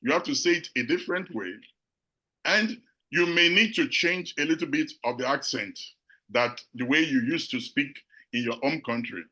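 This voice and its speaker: A middle-aged man from Nigeria with a Nigerian accent, giving a measured, reflective talk to an audience as a panel speaker, pausing often on fillers. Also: on the high side, pushed and bright, low-quality recording. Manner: measured, with frequent filler pauses.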